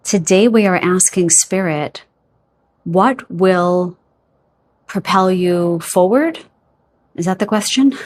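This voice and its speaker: A middle-aged woman giving a pick-a-card tarot reading to her viewers, chatty and rambling, often losing her train of thought, openly affectionate to her audience. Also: on the low side.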